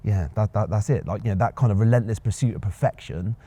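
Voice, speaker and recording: A man's voice: on the low side, quick pace, warm tone, slightly rough. A young man, an actor being interviewed, talking reflectively with many ums and restarts. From Bristol, England. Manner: hesitant, many fillers and restarts. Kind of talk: reflective casual conversation.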